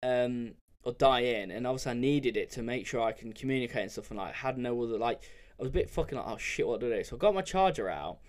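A man's voice: medium pitch, lively intonation, fast, hardly any pauses. Rambling, sweary young man. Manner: rambling and candid, with frequent fillers and swearing. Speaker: podcast host. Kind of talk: casual solo storytelling.

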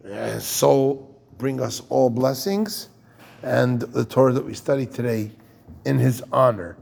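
A man's voice: medium pitch, unhurried, creaky, a little mellow. A man giving an informal Torah talk as a rabbi, jokey and digressive, and turning to ask his listeners questions.

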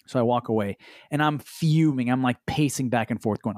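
A man on a podcast telling a story in an exasperated, animated way, swearing freely and swinging up into high pitch. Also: a little slow, no room sound, studio quality. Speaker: podcast co-host. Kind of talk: casual storytelling chat. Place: Los Angeles.

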